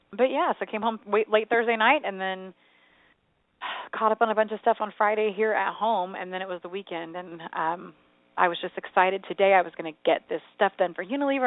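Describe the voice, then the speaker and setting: A radio show co-host chats from home over a tinny, phone-like line on a dry recording. Her voice is on the low side, and she's chatty and rambling, telling stories in an animated way.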